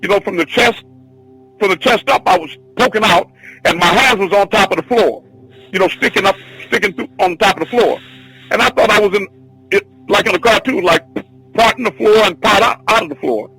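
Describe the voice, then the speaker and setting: High, bright, husky man telling a story. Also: brisk, no echo, faint music behind, low-quality recording. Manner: excitable, repetitive, restarts often. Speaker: teacher of a spiritual class. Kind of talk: rambling spoken testimony.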